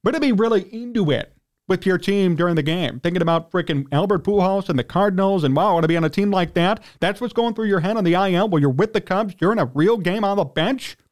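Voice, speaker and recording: A man hosting a sports talk radio show, ranting indignantly in a heated monologue and often clearing his throat. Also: high-pitched, animated, fast talker.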